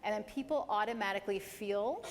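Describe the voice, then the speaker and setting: Animated woman presenter in a reverberant hall. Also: medium pitch, brisk. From Canada. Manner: lively, emphatic, shifts pace to demonstrate. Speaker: presenter at a dental career talk. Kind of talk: live presentation. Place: large hall with an audience. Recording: hall reverb, faint background noise.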